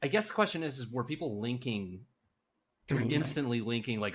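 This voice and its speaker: A man co-hosting a casual podcast chat who asks rambling, halting questions and throws in jokey asides. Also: mid-range voice, expressive, a bit bright, breathy edge. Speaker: podcast co-host.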